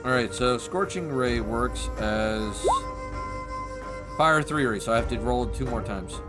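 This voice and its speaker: A man runs a tabletop game as game master, calling out attack rolls and describing claws raking across chests in an easy, unhurried voice. His pitch sits in an ordinary middle range, and background music plays clearly under his talk. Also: expressive. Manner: casual, unhurried, curses when flustered.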